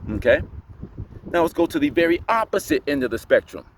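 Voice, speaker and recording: A young man giving casual voice advice to camera, emphatic and full of rhetorical questions, sometimes dropping into a deep voice to demonstrate. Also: very animated, brisk, a little hiss or hum. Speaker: voice coach vlogger.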